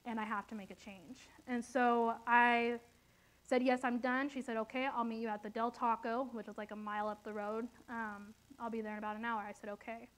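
A young woman telling her personal recovery story as a testimony, halting often and acting out the voices of others in dialogue. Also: a little high, flat delivery. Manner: halting, many fillers, quotes others in dialogue. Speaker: testimony speaker.

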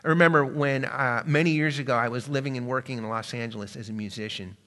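Male pastor, sermon, bright voice, hushed to emphatic, reverberant church hall. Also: mid-range voice, fast talker. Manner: dynamic preaching, swings between hushed and emphatic.

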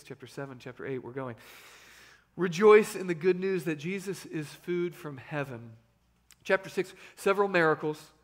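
A man in his thirties preaching a sermon as pastor, swinging between loud emphasis and hushed asides. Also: a little high.

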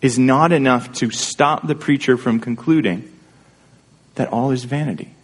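A male pastor preaches a sermon at a normal speed with a medium-pitched voice. His style is earnest and conversational, and he frequently checks in with listeners using rhetorical questions.

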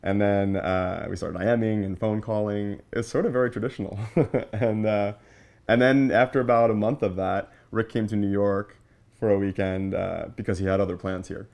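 A man casually recounting how he met his partner, relaxed and chatty. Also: lowish voice, normal speed, gravelly. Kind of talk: casual storytelling.

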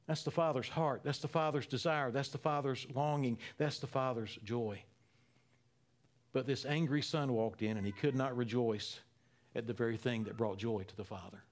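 A man preaching a sermon, repeating phrases for emphasis and swinging between loud, emphatic lines and hushed near-whispers. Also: medium pitch, moderate pace. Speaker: pastor.

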